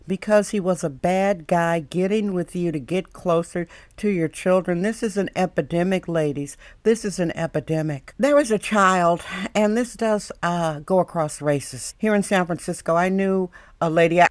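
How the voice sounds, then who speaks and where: An older woman speaks straight to the camera, handing out advice in an emphatic, preachy way and hammering her warnings home by repeating them. Her voice sits a little low. The sound is dry and close, with no room echo. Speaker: advice mentor. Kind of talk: direct-to-camera advice monologue. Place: San Francisco, indoors.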